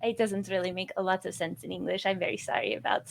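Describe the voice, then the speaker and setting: A woman's voice: lowish voice, steady tone, fast, creaky, a little hiss or hum, pitched below the performer's own voice. A woman playing a wry, cool female vampire who explains herself patiently and apologetically. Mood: explaining.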